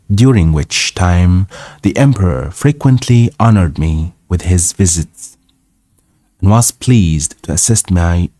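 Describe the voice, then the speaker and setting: Slow, deep-voiced man reading aloud carefully. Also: mellow, no echo, studio quality. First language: Arabic. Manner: careful, repeats words and sounds out hard ones. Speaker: host of a live English reading stream. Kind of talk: reading a classic novel aloud for practice.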